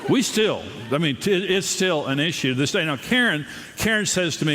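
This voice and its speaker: A man's voice: on the high side, expressive, moderate pace, fairly bright tone, big-room sound. An older man as pastor, giving a sermon on marriage with humorous storytelling, his voice jumping up when he mimics others. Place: large room with a live audience.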